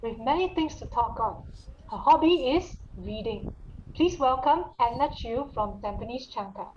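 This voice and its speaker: A woman's voice: fairly high pitch, animated, measured pace, darkish tone, a little hiss or hum. A woman acting as a meeting emcee on a video call, giving formal introductions. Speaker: toastmaster of the day. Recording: muffled video call audio.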